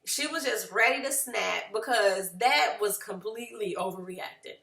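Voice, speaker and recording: A woman casually recapping a reality show, acting out what the cast said in lively voices. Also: medium pitch, unhurried, vocal fry, roomy sound. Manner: animated, acts out quotes of the cast.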